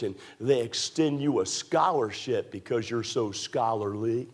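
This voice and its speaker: A man preaching a fervent sermon in a church, with a repetitive, rising cadence that climbs toward near shouts. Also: medium pitch, a little slow, few pauses. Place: church sanctuary.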